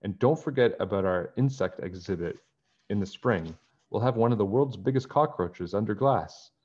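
A man's voice: on the low side, moderate pace, darkish tone, slightly rough, muffled recording. A man voicing a chatty, jokey male museum guide in a storybook read-aloud, pleased with his own jokes.

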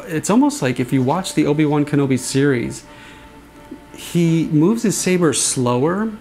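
Guy with a gravelly voice chatting loosely about building sounds, faint music behind. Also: mid-range voice. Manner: relaxed, rambling, imitates swing sounds with his voice. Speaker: saber sound font designer. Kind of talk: casual explanatory demo talk.

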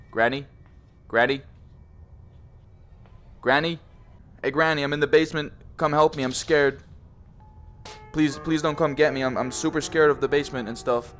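A man's voice: mid-range voice, lively intonation, moderate pace, pauses often, a bit bright, faint music behind. A young man commenting on a horror VR game, joking, swearing and teasing, often saying bro. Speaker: gaming YouTuber.

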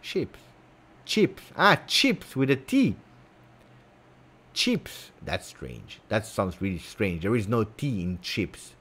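A man's voice: fairly low pitch, wildly swooping pitch, measured pace, hardly any pauses, a bit bright, slightly rough. Playful man hosting a livestream. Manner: playful, teasing, repeats words for effect. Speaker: host of a football fan channel. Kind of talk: casual livestream chat.

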